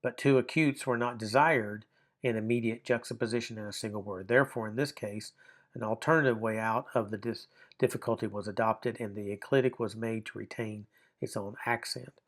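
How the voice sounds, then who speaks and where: A man's voice: fairly low pitch, fairly even intonation, brisk. A man teaching a recorded grammar lesson, reading from a textbook and explaining it in an informal, conversational way with asides to the viewer.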